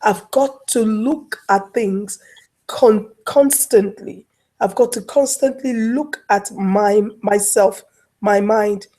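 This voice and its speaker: Woman, dark husky voice, guest coach, storytelling. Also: medium pitch, slow pace. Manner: storytelling, acts out little scenes. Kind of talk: casual interview talk. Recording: online talk show audio.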